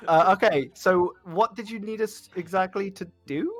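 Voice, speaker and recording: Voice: mid-range voice, moderate pace, soft background music. A player in a tabletop game livestream, chatting casually in a giggly, teasing and somewhat hesitant way.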